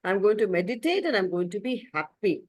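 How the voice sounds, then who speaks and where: A woman's voice: mid-range voice, big pitch swings, brisk, no echo. A woman telling a story, voicing a restless, discontented man who keeps asking for more. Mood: eager. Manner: pleading and discontented. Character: restless man, never satisfied, grows from boy to old age.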